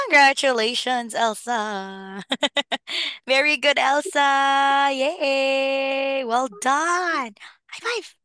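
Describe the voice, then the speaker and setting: A woman teaching a young child phonics in an online lesson, encouraging and clearly enunciated. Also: high-pitched, drawn-out words, bright, forceful tone, no echo, clean studio sound. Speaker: English teacher.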